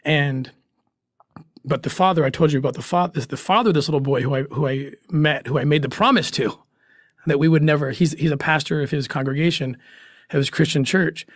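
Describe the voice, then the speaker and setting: Earnest man telling a story, halting with emotion. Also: fairly high pitch, fairly even intonation, no room sound, clean studio sound. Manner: earnest, halting, restarts when moved. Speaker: guest recounting undercover work.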